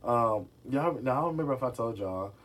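A man with a husky, slightly breathy voice at an ordinary middle pitch. He dishes celebrity gossip in a loose, casual vlog, sassy and talking straight to his viewers as if they were friends in the room. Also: expressive, fairly quick, a bit bright. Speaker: gossip vlogger.

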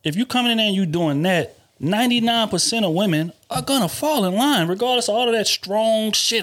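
A man's voice: sits high, expressive, fairly quick, few pauses, a bit bright. A man hosting a podcast, talking about dating in an emphatic, profane, casual way. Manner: emphatic, profane, talks over others. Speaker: podcast host.

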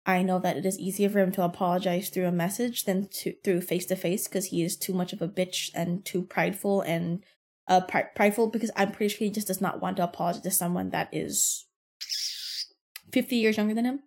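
A young woman hosting a podcast, telling a workplace story in a casual, profane and animated way. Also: lowish voice, a little fast. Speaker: podcast host.

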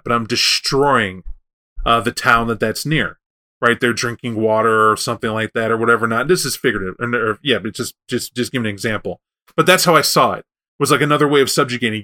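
Brief: man with a bright, bold voice, spinning a tale in easy chat. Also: mid-range voice. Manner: animated, loose, self-correcting. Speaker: storyteller. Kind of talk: casual spoken storytelling.

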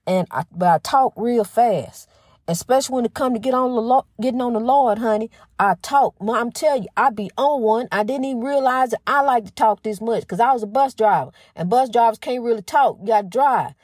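A middle-aged woman hosting a faith-based talk program in a casual spiritual monologue. She talks fast with a slight stutter, restarts often, and keeps calling her listeners "honey". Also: on the high side, a little mellow, no echo, clean studio sound. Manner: folksy and emphatic, says "honey" often.

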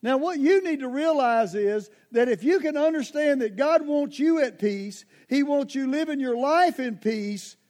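A man with a strikingly high voice preaches a sermon. He talks conversationally but with emphasis, speaking straight to his listeners and pulling them into his points. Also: darkish tone.

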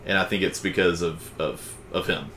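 A man's voice: sits low, fairly even intonation, normal speed, fairly bright tone, a little hiss or hum. A man co-hosting a casual podcast chat, reading out draft picks and stumbling over names. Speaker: podcast co-host.

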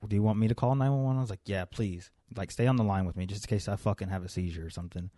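A young man with a fairly low voice tells a rambling story, swearing often and acting out the people he met. The sound is close and dry, with no room echo. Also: very fast. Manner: profane, animated storyteller acting out dialogue. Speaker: podcast co-host. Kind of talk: casual podcast chat, telling a story.

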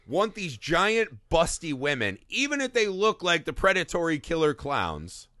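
A man co-hosting a podcast, talking about a movie in an animated, profane, joking way and acting out bits of dialogue. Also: a little high, measured pace, dry recording, studio quality. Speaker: podcast co-host. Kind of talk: crude comedic movie discussion.

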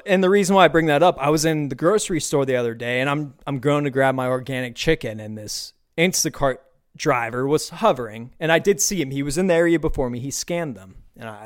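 A young American man in his twenties hosting a podcast, ranting in a casual, comedic monologue, animated and profane with quick bursts of enthusiasm. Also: mid-range voice. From United States. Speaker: podcast host.

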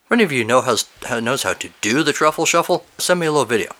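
Host, male, bright voice, reads goofy listener stories with amused asides. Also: mid-range voice, fast talker. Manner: animated, amused asides between read lines. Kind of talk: reading fill-in-the-blank stories aloud with commentary.

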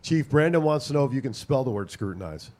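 A man hosting a wrestling podcast, agreeable and quick to laugh while he runs the segments. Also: medium pitch, animated, a little mellow. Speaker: podcast host. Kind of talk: casual podcast chat.

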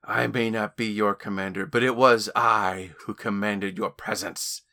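A man's voice: fairly low pitch, fairly even intonation, measured pace, pushed and bright. A man voicing a small, sly alien lord who speaks in a grandiose, sneering way. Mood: haughty.

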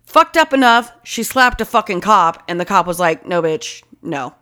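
A woman's voice: medium pitch, moderate pace. Woman, casual talker, swears freely, tells stories with heat; mid-range voice. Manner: heavy swearing, animated storytelling. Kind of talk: casual chat.

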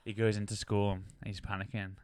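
A man's voice: lowish voice, flat delivery, fairly quick, darkish tone, clean tone, no room sound. A man co-hosting a podcast, chatting casually and retelling a cartoon plot with laughs. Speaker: podcast co-host. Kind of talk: casual chat.

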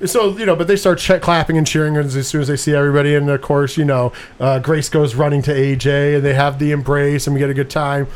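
Podcast co-host, man, slightly high voice, animated storyteller who curses freely. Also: quick pace, hardly any pauses. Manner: animated retelling with swearing and quoted lines. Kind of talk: casual movie review chat.

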